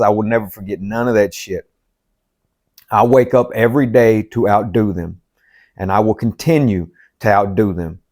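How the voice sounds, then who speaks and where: A man's voice: fairly low pitch, darkish tone. A man, a life coach, gives a motivational self-help talk, blunt and profane and driving each point home by repeating it.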